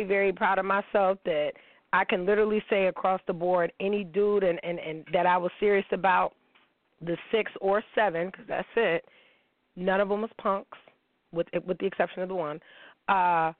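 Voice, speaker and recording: A woman's voice: medium pitch, no echo. Blunt, profane woman on tinny radio. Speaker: radio host. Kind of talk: candid casual talk monologue. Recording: dry tinny phone-like radio sound.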